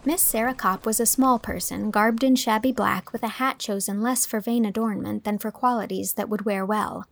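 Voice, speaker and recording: A woman narrating a classic storybook with a gentle, even reading manner. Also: medium pitch, moderate pace, creaky, hardly any pauses. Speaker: audiobook reader.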